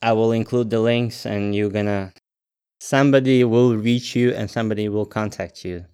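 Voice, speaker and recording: A man hosting a podcast, talking earnestly in slightly halting English as he wraps up the interview. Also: lowish voice, steady tone, a little mellow, smooth. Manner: earnest, slightly halting non-native phrasing. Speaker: podcast host. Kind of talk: casual interview chat.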